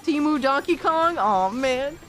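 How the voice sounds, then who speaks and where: A woman hosting a stream, chatting casually and reacting with excitable, profane trash talk. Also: high voice, a little slow, soft background music. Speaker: streamer host.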